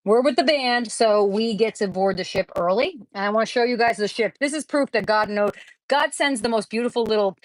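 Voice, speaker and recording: A woman's voice: medium pitch, a little fast, dry recording, low-quality recording. A woman hosting a craft livestream, chatting casually with viewers and gushing over the crafts she opens, in a rambling way. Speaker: craft channel host.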